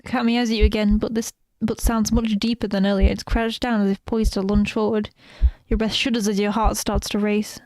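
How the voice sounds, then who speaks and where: A woman's voice: medium pitch, flat delivery, brisk, darkish tone. A woman streaming a game, reading its narration aloud with laughs and stammered asides. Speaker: gaming streamer.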